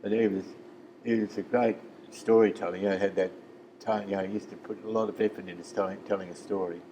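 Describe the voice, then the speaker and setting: An older Australian man in his seventies spins loose, rambling football yarns and puts on the voices of the people in them. His voice sits fairly low. A faint ambient hiss hangs under the recording. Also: fairly even intonation, fast talker, mellow, rough recording. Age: 70s. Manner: rambling yarn-teller who acts out quoted voices. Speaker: interview guest, former footballer. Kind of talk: casual storytelling interview.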